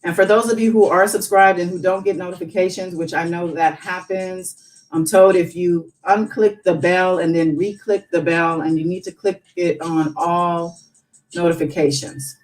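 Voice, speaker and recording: A woman's voice: fairly low pitch, fairly even intonation, moderate pace, a little mellow, low-quality recording. A woman hosting a casual live stream, chatting and musing as she reads news aloud with her own asides.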